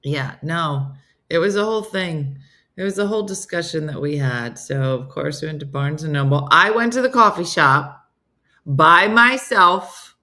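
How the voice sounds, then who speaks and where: A woman's voice: deep voice, moderate pace, bright, forceful tone. A middle-aged woman hosting a comedy morning show, telling stories in a chatty way and reading viewer comments aloud. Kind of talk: casual chat.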